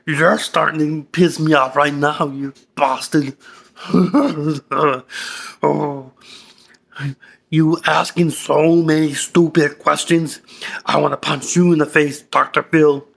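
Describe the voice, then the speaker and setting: Brief: man as a short-fused, crude young guy, gravelly and bright, slow drawl. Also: fairly high pitch, steady tone, full character voice. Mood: insulting. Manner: cursing, insulting, short-tempered. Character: angry young man, crude, hot-tempered. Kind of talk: comedy skit.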